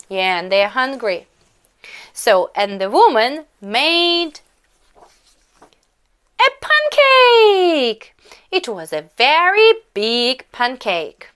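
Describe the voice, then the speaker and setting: Russian-accented young woman teaching english to little kids, super slow and sing-song, keeps asking them to repeat. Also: on the high side, fairly bright tone, smooth. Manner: slow, exaggerated, coaxing delivery with prompts to repeat. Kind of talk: children's English lesson with a story.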